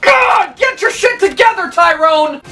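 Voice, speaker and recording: A man playing a furious young male gamer who rants, yells and swears. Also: extremely high pitch, lively intonation, measured pace, far from the mic, over loud music, voice pushed up. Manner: ranting, yelling, profane.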